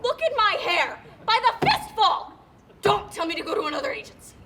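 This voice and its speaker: A woman's voice: extremely high pitch, big pitch swings, fairly quick, bright, forceful tone, full character voice. A woman playing a distraught, pestering woman petitioner in a live stage play, whiny and theatrical, recorded on a school stage. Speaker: stage actor.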